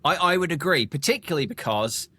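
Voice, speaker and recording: An excitable male podcast co-host in casual chat, with a jokey, lively banter manner. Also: fairly high pitch, fast talker, husky, no room sound.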